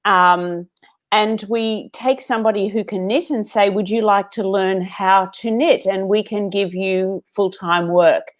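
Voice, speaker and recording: A woman's voice: medium pitch, steady tone, unhurried. Australian woman telling her story. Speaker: business owner, guest. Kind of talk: interview answers.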